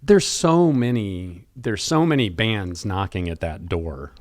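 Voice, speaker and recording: A man's voice: fairly low pitch, animated, takes it slowly, darkish tone, dry recording, studio quality. A man co-hosting a podcast, chatting casually and thoughtfully about music, rambling with restarts. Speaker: podcast co-host.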